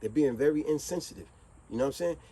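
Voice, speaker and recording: A man vlogging a streetwise motivational monologue, retelling a fable with preachy, animated delivery. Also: on the high side, quick pace, slightly rough, low-quality recording.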